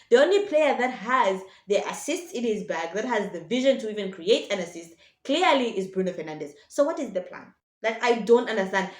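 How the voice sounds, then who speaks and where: A woman's voice: mid-range voice, roomy sound. A woman giving casual, opinionated football commentary to her viewers as a vlogger, passionate and blunt. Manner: passionate, blunt, addresses viewers as ladies and gentlemen.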